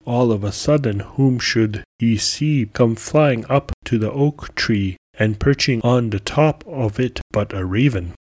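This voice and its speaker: A male storyteller reads a folktale with slow, unhurried pacing. His voice sits at a middling pitch and his delivery is measured and deliberate. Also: darkish tone. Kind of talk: folktale narration.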